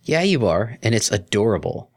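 A man's voice: on the low side, very animated, moderate pace, a little mellow, pitched above the performer's own voice. A man voicing a brash, cocky young female unicorn DJ who talks in a slangy, teasing way.

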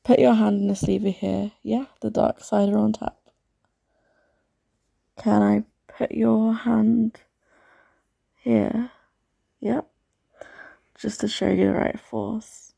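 Gravelly flirty barmaid played by a woman, teasing, slow-talking, dark dry voice, audio role-play. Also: mid-range voice, level tone, no echo, exaggerated voice. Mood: weary, flirty.

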